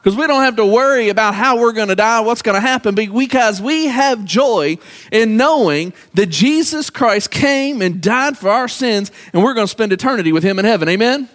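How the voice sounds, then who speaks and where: A man preaching a sermon to his congregation, halting and repeating words as he calls out to the church. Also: high-pitched, animated, fairly bright tone. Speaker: pastor. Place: church sanctuary. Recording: church hall with long reverb.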